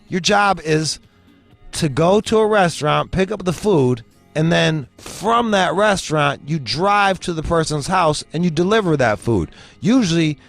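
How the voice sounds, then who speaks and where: A young man hosting a show, telling a story as a profane comedic rant and acting out the voices he quotes. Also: a little high. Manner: animated storytelling, acts out quoted voices, swears heavily. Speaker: host.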